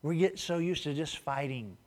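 Male pastor, high voice, sermon in an echoing hall, punchy questions and answers. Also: lively intonation, moderate pace. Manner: preaching with sudden swings between loud urging and soft hushed asides.

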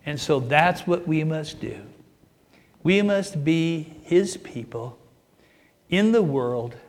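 A man with a high voice delivers a sermon, pushing his voice up and then letting it fall to drive each point home. His delivery is emphatic and earnest, the rhythm of a preacher at the pulpit. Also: expressive, slow pace. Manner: emphatic, rising and falling for emphasis, acts out a joke with raised pitch.

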